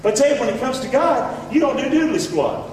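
A Southern man delivers a folksy sermon with a high, lively voice that leaps to shouts and sinks to quiet asides. He is heard from a distance in a big echoing hall, with a faint hum of the room behind him. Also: a little fast. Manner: folksy, swings from loud shouts to low asides. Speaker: preacher. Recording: echoey hall, voice from far off.

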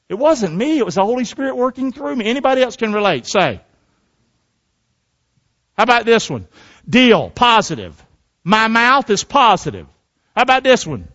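A man's voice: very high-pitched, sing-song, moderate pace, fairly bright tone, dull audio. A middle-aged male pastor preaching a sermon in a call-and-response style, often asking the congregation "amen?".

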